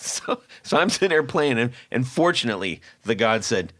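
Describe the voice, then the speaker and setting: A podcast host tells a story in a lively, casual way and acts out the voices of people in it. His voice sits at an ordinary middle pitch. The sound is dry and close, with no room echo. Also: moderate pace. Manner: animated, acts out quotes with laughs.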